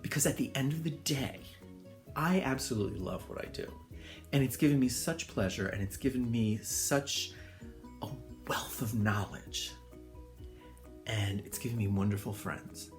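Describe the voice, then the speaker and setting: A middle-aged man, a hairdresser and salon owner, telling a personal story in an animated way, laughing as he goes. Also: mid-range voice, moderate pace, faint music behind. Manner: animated, laughing, acts out voices in quotes. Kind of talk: storytelling monologue.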